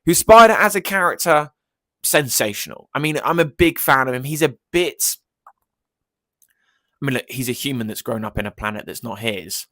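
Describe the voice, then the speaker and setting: Male film reviewer, mid-pitched, eager and chatty, dry close sound. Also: lively intonation, moderate pace, bright, forceful tone, no echo. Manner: enthusiastic, rambling, many fillers. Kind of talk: casual film review vlog.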